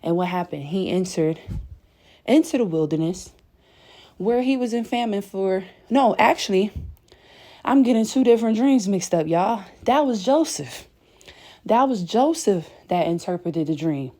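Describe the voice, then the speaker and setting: A woman preaches to her viewers with a mellow, dark tone. She is emphatic and a bit breathless from pacing as she talks. She keeps checking in with the listener through "okay?" and "y'all". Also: medium pitch, lively intonation, a little slow. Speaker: spiritual content creator. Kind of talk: impassioned spiritual message to viewers. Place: indoors at home, late at night.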